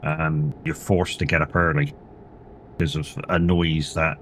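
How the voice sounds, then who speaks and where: A man's voice: a bass voice, flat delivery, measured pace, a little hiss or hum. A tired man streaming a game, chatting casually in a rambling way and swearing now and then. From England. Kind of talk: casual live-stream chat while playing.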